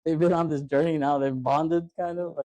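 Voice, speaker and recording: A man's voice: fairly high pitch, fairly even intonation, brisk, mellow, no room sound. A man hosting a podcast, casually retelling a film's plot in a rambling way, with loose fillers and plenty of swearing. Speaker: podcast host. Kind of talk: casual movie recap chat.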